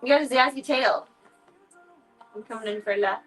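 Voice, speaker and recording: A woman's voice: on the high side, normal speed, a bit bright, soft background music, poor audio. Playful woman cooing at her cats. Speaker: livestreamer. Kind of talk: casual livestream chat.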